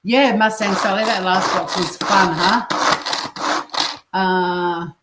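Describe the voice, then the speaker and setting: A woman's voice: medium pitch, fairly even intonation, takes it slowly, roomy sound, heavy background noise. An Australian woman hosting a casual livestream while she cooks at home, chatting away, swearing casually and reading viewers' comments aloud. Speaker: livestream host. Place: home kitchen.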